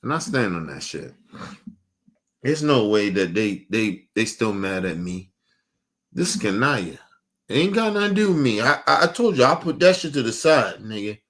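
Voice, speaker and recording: A man ranting heatedly and profanely on a casual stream as its host, repeating himself and swinging from loud bursts to low mutters. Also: sing-song, normal speed.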